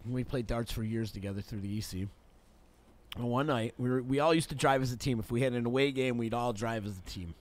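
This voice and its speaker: Man, radio host, casual studio chat, animated storytelling, mid pitch. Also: fairly quick. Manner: animated storyteller who shouts out quoted lines.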